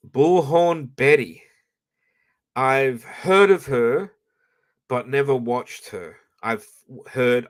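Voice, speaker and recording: A man's voice: lowish voice, fairly bright tone. A man hosting a livestream, chatting in a rambling, profane way with frequent restarts, on a professional microphone. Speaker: livestream host. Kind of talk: rambling live-stream chat.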